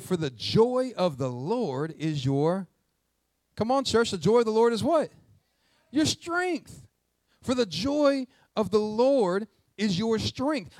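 Male pastor, energetic call-and-response sermon; high-pitched, dry close recording. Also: no room sound. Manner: energetic call-and-response preaching, asks the congregation questions; jokes aside in a quiet, quick low voice. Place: church sanctuary with congregation.

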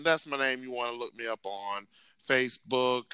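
A man's voice: medium pitch, moderate pace, bright, forceful tone, clean tone, dry recording. A man co-hosting a casual sports podcast, laughing often and spelling out his social media handles. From United States. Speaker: podcast co-host.

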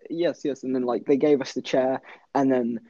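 Young man, mellow tone, rambling casual storytelling, dull lo-fi dry recording. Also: medium pitch, flat delivery, moderate pace, dry recording. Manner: laughs often, rambling with fillers. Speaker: podcast co-host.

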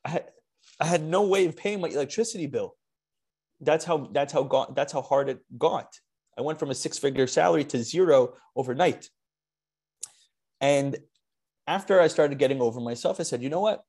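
A man telling a personal story on a video call in a lively storytelling manner, with frequent restarts and Yiddish words. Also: a little high, a little fast, husky. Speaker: speaker at an online charity talk. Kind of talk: storytelling talk.

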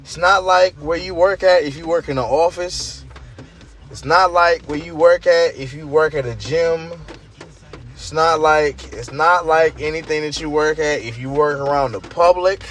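Standing outside in the rain near a parked car, a man with a slightly higher voice tells his podcast listeners a rambling, profane work story at a somewhat slow pace. His energy swings widely, from loud outbursts down to mutters, as faint traffic hums behind him.

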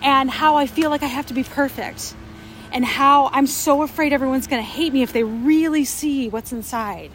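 Woman co-hosting a spiritual chat, kinda high voice, earnest and emphatic, little bit of hiss behind. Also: moderate pace, a bit bright. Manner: earnest, emphatic, repeats phrases for effect. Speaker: co-host. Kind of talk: spiritual discussion.

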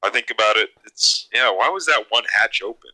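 A man's voice: on the low side, brisk, rough recording. A man co-hosting a casual podcast chat, joking dryly. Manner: dry, jokey, lively. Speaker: podcast co-host.

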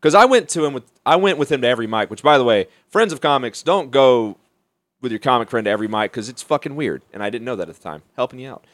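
Quick-paced and expressive, this young man's mid-range voice has a fairly bright tone and no echo on the studio microphone. A stand-up comedian appearing as a podcast guest, he chats casually, telling rambling stories full of restarts, profanity and laughter.

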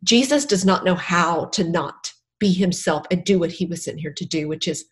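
A middle-aged woman with a lowish voice speaks at normal speed as a podcast guest. An author who once worked as a counselor, she talks about faith earnestly and tearfully, repeating and underlining her key phrases.

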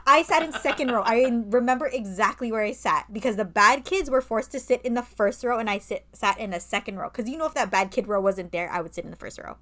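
A woman's voice: medium pitch, fast, hardly any pauses, fairly bright tone. Chatty woman podcast co-host, filler-heavy. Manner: chatty, swears, lots of "like" fillers. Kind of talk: casual chat.

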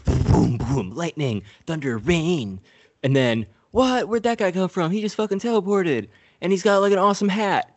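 A man's voice: high-pitched, expressive, normal speed, no echo. A man recapping a movie in a casual, profane, comedic way, acting out the characters in silly voices.

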